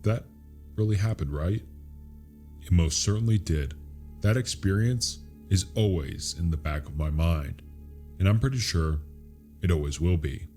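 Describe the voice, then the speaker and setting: A man reading a scary true story as a narrator, in a slow, hushed, suspenseful delivery. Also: sits low, lively intonation, soft background music. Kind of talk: scripted horror story narration.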